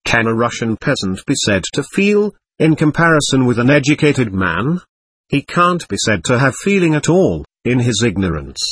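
A man's voice: medium pitch, big pitch swings, moderate pace, a bit bright, husky, no echo. A man voicing a bitter, scornful young servant. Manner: curt, bitter and resentful. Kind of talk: audiobook character reading.

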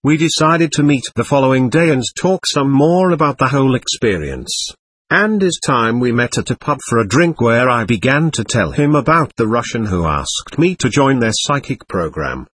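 A man in his twenties telling his own story in earnest, measured first-person narration. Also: medium pitch, very animated, fairly bright tone, husky, no room sound. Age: 20s.

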